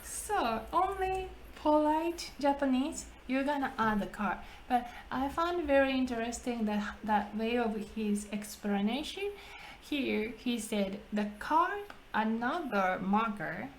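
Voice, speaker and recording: A woman hosting a casual language-practice chat, talking slowly, laughing often and restarting her phrases. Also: fairly high pitch, animated, a little hiss or hum, rough recording. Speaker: English conversation partner and host.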